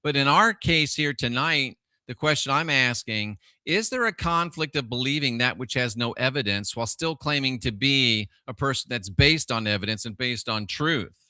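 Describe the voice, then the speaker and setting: Here a middle-aged livestream host talks at normal speed with few pauses, his mid-range voice very bright, sharp and smooth with lively intonation. Rhetorical questions come often, and he welcomes viewers by name. The audio is close and dry, free of room echo.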